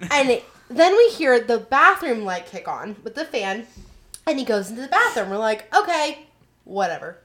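A young woman in casual chat, telling a lively story and swearing freely. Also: on the high side, normal speed.

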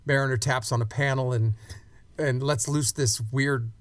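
A man's voice: mid-range voice, fairly even intonation, moderate pace, no echo. A man co-hosting a podcast, recapping an episode with enthusiasm and acting out quotes in casual chat. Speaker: podcast co-host.

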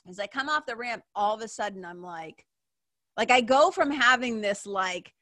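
A woman's voice: fairly high pitch, expressive, normal speed, sharp tone, no room sound, studio quality. A woman, telling a personal story as a podcast host, rambling with lots of fillers, swearing and laughing. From Massachusetts, USA. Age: 50s.

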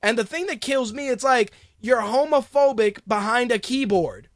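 A man's voice: very high-pitched, lively intonation, normal speed, dry recording, studio quality. A man hosting a radio show, ranting casually in a heated, profane way with lots of restarts. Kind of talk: casual on-air rant.

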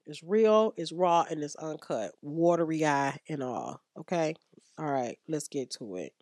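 A woman's voice: deep voice, lively intonation, measured pace, darkish tone, no room sound, studio quality. A woman hosting a podcast, giving frank advice in a blunt, profane, emphatic way and repeating herself for emphasis. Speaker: podcast host and hairstylist. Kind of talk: frank casual advice talk.

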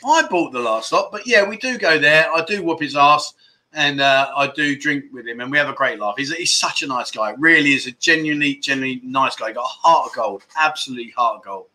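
A Londoner now living in Thailand hosts a casual livestream chat show, reading viewer comments in a chatty, jokey way with a London accent. He rambles, restarts, and laughs, his medium-pitched voice animated, brisk, bright, and forceful.

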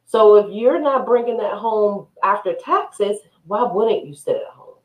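A woman appearing as a podcast guest, talking frankly and emphatically in a casual conversation. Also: mid-range voice. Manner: frank, emphatic, quick to agree. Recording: echoey room sound.

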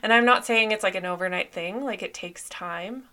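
A woman hosting a podcast, talking gently and soothingly through a guided reflection with soft pauses and casual fillers. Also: medium pitch. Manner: conversational with fillers like "like". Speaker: podcast host.

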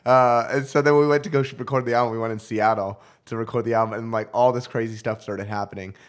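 A man's voice: medium pitch, quick pace, smooth. A man, a stand-up comedian, casually telling a funny anecdote and laughing as he goes. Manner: animated anecdote with quoted voices, laughing often. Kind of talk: casual storytelling in a podcast chat.

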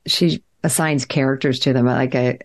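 A woman's voice: very deep voice, fairly even intonation, normal speed. A woman in a podcast conversation, telling a long story in a rambling way, full of fillers and restarts.

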